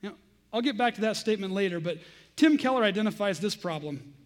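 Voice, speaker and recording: Very high-voiced guy preaching, earnest and pointed, rattling off bible verses. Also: lively intonation, fast. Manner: earnest, pointed, cites scripture chapter and verse. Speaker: Christian preacher. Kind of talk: critical sermon-style teaching.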